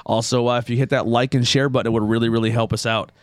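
On a podcast mic in a clean, dry studio, a male host with a medium-pitched, level voice talks fast. He's a loose, rambling storyteller who swears freely through the casual chat.

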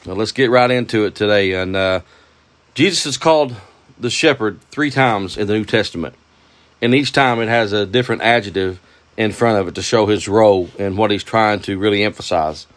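A man's voice: on the low side, normal speed. A man teaching a devotional Bible lesson, folksy and enthusiastic, often asking rhetorical questions. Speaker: preacher.

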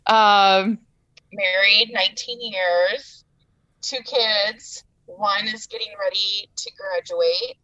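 A woman's voice: medium pitch, slow pace, bright, forceful tone. A woman in her forties from Iowa, a plain-spoken podcast guest on a phone mic that cuts in and out. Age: 40s. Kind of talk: casual podcast chat. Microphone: phone, cutting in and out. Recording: muffled phone-mic audio.

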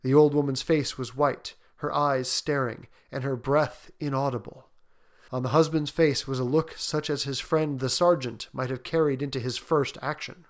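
A man narrating a classic story aloud in an even, unhurried manner. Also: mid-range voice. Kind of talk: audiobook narration.

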